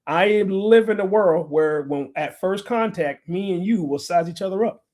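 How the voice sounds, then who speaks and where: A man's voice: sits high, normal speed, a little mellow. A middle-aged man from the United States talking bluntly and profanely to a live audience, rambling and swearing constantly. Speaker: speaker addressing a live audience. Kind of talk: profane, loose talk to a room.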